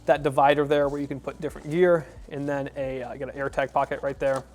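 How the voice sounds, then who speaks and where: A man's voice: mid-range voice, fast. Casual man reviewing travel bags. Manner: relaxed, rambling, with fillers and restarts. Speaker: gear reviewer.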